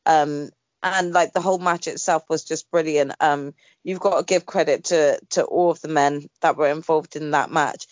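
A woman's voice: deep voice, normal speed, no room sound, highs cut off. A woman co-hosting a podcast, chatting casually and filling her talk with "like" and "you know". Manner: chatty, hedging with "like" and "you know", swears when excited. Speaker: podcast co-host. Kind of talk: casual wrestling chat.

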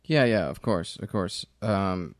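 Man, low voice, dry close sound, earnest interviewer, hesitant restarts, improvised comedy. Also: lively intonation, a little slow, dry recording.

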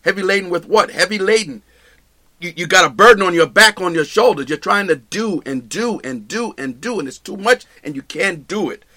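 A man's voice: high voice, lively intonation, normal speed, pushed and bright. A man teaching a live Bible study, emphatic and repetitive, often restarting his phrases and checking in with listeners. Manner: addresses listeners directly with "okay?".

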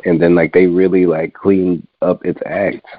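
A man's voice: sits low, level tone, a little slow, no echo. A man in casual chat who tells stories with energy, acts out what other people said, and swears freely. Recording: dry, thin phone-like sound.

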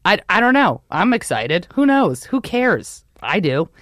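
A woman from New York co-hosting a podcast, chatting about sports in an excitable, rambling way that keeps breaking off mid-thought. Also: on the low side, unhurried, no echo, clean studio sound. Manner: rambling, excitable, self-interrupting. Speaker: podcast co-host. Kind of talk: casual sports chat.

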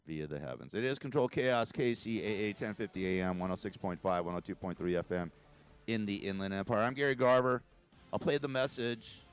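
A man's voice: fairly low pitch, a little fast, soft background music. A man hosting a talk radio show, rambling and emotional in a casual monologue, often laughing, from a studio mic.

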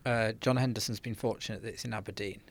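A man's voice: lowish voice, steady tone, fast. A man giving darts betting tips in casual podcast chat, hesitant with many restarts. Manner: hesitant, restarts, laughs along. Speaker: darts pundit.

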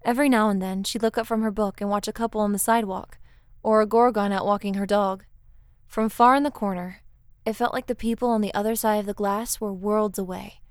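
Calm, clear-voiced woman storyteller. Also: mid-range voice, a little fast, dry recording, studio quality. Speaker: narrator. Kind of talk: scripted story narration.

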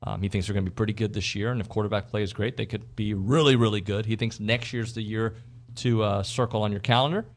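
Opinionated sports radio host. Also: male voice, lowish voice, steady tone, fast talker. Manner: opinionated, rambling with fillers and restarts. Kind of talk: casual sports talk radio.

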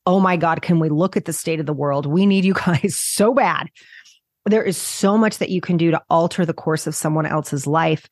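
A woman's voice: lowish voice, no room sound, clean studio sound. A woman talking as a business coach on a podcast, enthusiastic and gushing, acting out little imagined dialogues. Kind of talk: podcast conversation.

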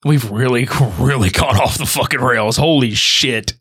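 A man's voice: mid-range voice, measured pace, fairly bright tone, husky. A man co-hosting a casual podcast chat in a laid-back, profane, joking way.

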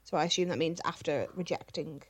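A woman's voice: low voice, brisk, husky. A woman co-hosting a casual chat podcast, reading out listener questions and answering them frankly with plenty of swearing and filler words.

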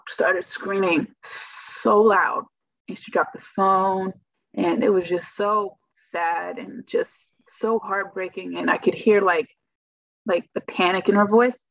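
A woman's voice: mid-range voice, gravelly, no room sound. A young woman talking through her own experience in a casual, chatty interview. She keeps acting out her own reactions as she tells it. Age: young adult. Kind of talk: casual personal storytelling. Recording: dull lo-fi dry recording.

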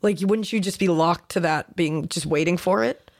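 A woman with a lowish voice and a moderate pace goes over a crime case for her fellow podcast host. The conversation is informal, and she narrates it as a story with plenty of filler words.

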